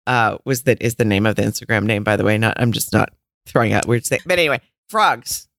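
A woman co-hosting a podcast in casual chat, candid and quick to laugh, swearing freely. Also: rumbling low, animated, fairly bright tone. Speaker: podcast co-host.

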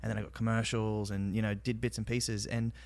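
A man's voice: lowish voice, little pitch movement, brisk, vocal fry, darkish tone. An Australian man telling stories in a casual interview, rambling with many fillers. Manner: rambling, many fillers, acts out quoted voices. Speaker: actor guest.

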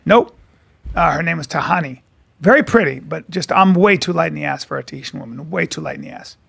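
A middle-aged man co-hosting a podcast, telling comic stories in an animated, profane way and acting out the people in them. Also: a little high, quick pace, vocal fry, husky. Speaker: podcast co-host. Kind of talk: casual comedic storytelling.

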